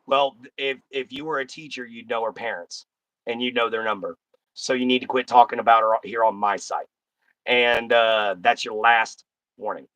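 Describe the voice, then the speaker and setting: A man's voice: mid-range voice, fairly even intonation, normal speed, sharp tone, no room sound. A man hosting a casual live stream, talking bluntly and folksily straight to his chat.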